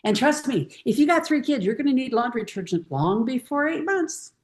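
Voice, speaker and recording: A woman's voice: high-pitched, expressive, brisk. A woman trainer explaining a sales method step by step in casual talk over a video call. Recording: roomy echo.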